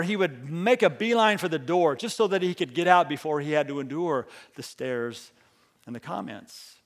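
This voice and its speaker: A pastor telling a story in his sermon. He swings between hushed lines and loud, emphatic ones and leads the congregation in call and response. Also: fairly high pitch, a little fast, long reverb tail.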